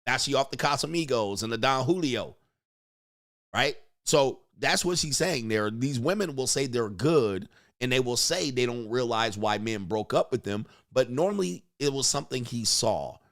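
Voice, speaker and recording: A man's voice: medium pitch, expressive, moderate pace, a bit bright. Crude, joking male commentary host. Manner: crude, joking, mimics voices. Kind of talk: casual reaction commentary.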